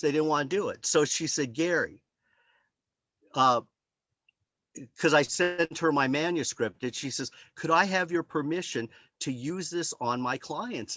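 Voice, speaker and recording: A man's voice: on the high side, a bit bright, dry recording. A man presenting his book over a video call, telling stories in a rambling way and acting out the voices of the people he quotes. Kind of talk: casual talk on a video call.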